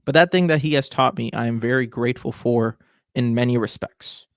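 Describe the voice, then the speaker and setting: A man's voice: medium pitch, fairly quick, clear, resonant tone, dry recording, studio quality. A man in his twenties hosting a podcast, giving a chatty, opinionated rant in a casual style. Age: 20s. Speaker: podcast host.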